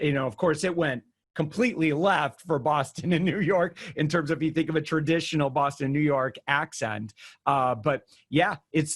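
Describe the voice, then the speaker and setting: A man from the United States hosting an interview in a chatty way, with a lot of fillers and laughter. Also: fairly high pitch. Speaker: podcast host. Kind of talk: casual interview chat.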